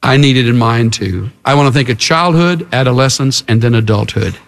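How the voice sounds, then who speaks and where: A man's voice: medium pitch, a little fast, creaky. A male preacher giving a sermon in an emphatic, dramatic way. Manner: emphatic and dramatic, acts out the characters.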